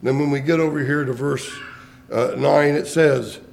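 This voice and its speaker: Male pastor, sermon, high voice, impassioned, questions the congregation. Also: steady tone, moderate pace, gravelly, a little mellow, rough recording. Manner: impassioned preaching with rising and falling emphasis; asks the congregation direct questions.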